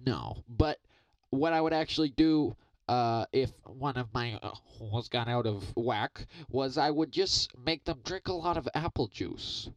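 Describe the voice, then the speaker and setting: A man improvising a comedy podcast bit, rambling and boasting deadpan about absurd things. His pitch swings up and down a lot. The sound is dry and close. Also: measured pace, no room sound, rough recording.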